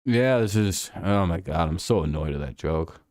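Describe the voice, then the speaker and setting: A man's voice: sits low, expressive, moderate pace, darkish tone, no room sound, studio quality. A man hosting a casual live stream over a football game, ranting in irritation and swearing often.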